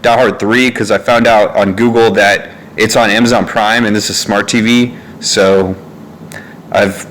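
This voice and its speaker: Unhurried and fairly even in intonation, a young man's lowish, slightly bright voice drifts through a casual vlog monologue full of fillers and asides. It's recorded indoors at his family home on a phone in a neck holder.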